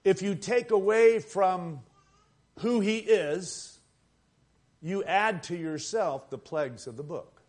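High-voiced preacher with emphatic swings. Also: male voice, slow, a little mellow. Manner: emphatic, rising and falling preaching cadence. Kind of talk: sermon.

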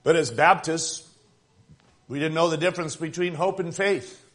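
A man preaching a sermon in a conversational yet emphatic way, building up to forceful points and dropping to quiet asides. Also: fairly high pitch, moderate pace. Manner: emphatic, conversational preaching with rising and falling intensity.

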